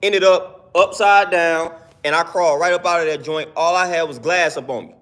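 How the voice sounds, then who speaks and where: A man's voice: fairly high pitch, moderate pace, fairly bright tone. A young man in his twenties talking earnestly in a casual live-stream monologue, slangy and repeating himself for emphasis.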